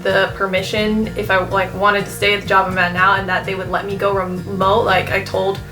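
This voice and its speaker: Over music, a young woman in her twenties talks to her viewers in a mid-range, flat voice at a fairly quick pace. Tearful and emotional, this vlogger rambles casually, filling her speech with fillers and false starts, and sometimes nearly cries.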